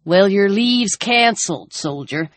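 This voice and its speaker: Hostile scavenger man, sneering and curt, woman narrator puts him on, sharp and raised. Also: high voice, lively intonation, a little slow, dry recording, voice pushed up. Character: gruff male scavenger, menacing and hostile.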